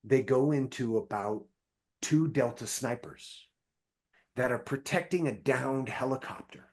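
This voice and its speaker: A man, a guest on a podcast, telling long, profane anecdotes from his acting career in a casual, animated way. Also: medium pitch, measured pace. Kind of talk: casual storytelling chat.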